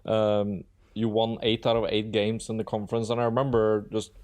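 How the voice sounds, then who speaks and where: A man's voice: on the low side, little pitch movement, normal speed, a little mellow. A man hosting a podcast interview, talking casually with many restarts. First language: Norwegian. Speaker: podcast host.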